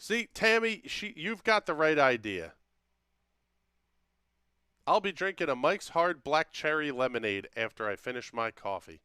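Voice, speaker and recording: Male stream host, casual and jokey, smooth voice, dry close mic. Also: a little high, very animated, unhurried, long pauses, pushed and bright, dry recording. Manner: joking, drawling, talks to viewers by name. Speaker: livestream host. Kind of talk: casual livestream chat reading comments.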